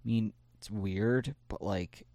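A man's voice: fairly low pitch, slow, mellow, no echo. A young man in his twenties co-hosting a podcast, talking in a blunt, profane, laid-back way. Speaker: podcast co-host. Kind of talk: casual chat.

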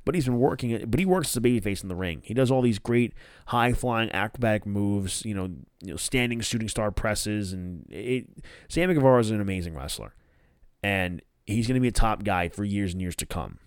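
Smooth-voiced man rambling through a review. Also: lowish voice, lively intonation, a little fast, no echo, clean studio sound. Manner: rambling, with restarts and casual swearing. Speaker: wrestling podcast host. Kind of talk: casual solo review.

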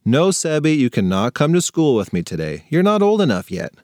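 A man's voice: a little high, very animated, a little fast, a little mellow, no room sound, studio quality. A man voicing an exasperated young girl, the bossy older sister in a storybook for kids. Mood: patient.

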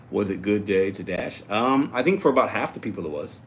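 Man, livestream host, casual chat, low voice, upbeat, faint background noise. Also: fast, hardly any pauses. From Puerto Rico. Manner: upbeat, chatty, reacts to viewer comments.

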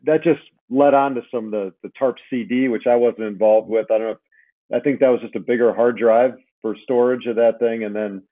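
A man's voice: medium pitch, fairly even intonation, brisk. A man guest recalling technical details in a hesitant, unsure way. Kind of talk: casual recollection. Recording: tinny phone line.

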